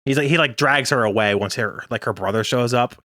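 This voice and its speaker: A young podcast co-host recaps an anime episode, chatting casually and laughing a lot. His medium-pitched voice is brisk, pushed and bright, recorded at studio quality with no room sound.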